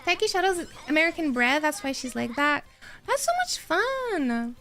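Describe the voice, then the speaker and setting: A woman streamer chatting casually while she plays a game, rambling and excitable, answering her chat as she goes. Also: sits high, moderate pace, faint music behind.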